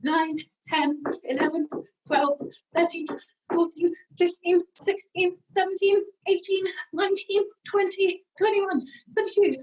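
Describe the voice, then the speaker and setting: A woman with a British accent leads a group warm-up game over a video call, moving around the room and slightly out of breath as she gives instructions. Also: very high-pitched, steady tone, unhurried. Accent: British English. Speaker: singing workshop leader. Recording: voice from a distance from the mic.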